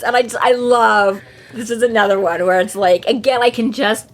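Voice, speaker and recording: A woman's voice: mid-range voice, a little fast. A woman co-hosting a book podcast in casual chat, swearing freely and acting out the characters' lines. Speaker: podcast co-host.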